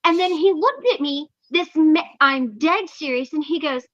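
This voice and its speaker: A woman hosting a casual online recovery meeting, telling a lively story and acting out the people in it, heard over a video call. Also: high-pitched, normal speed, few pauses, highs cut off. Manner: animated, acts out the people in her stories.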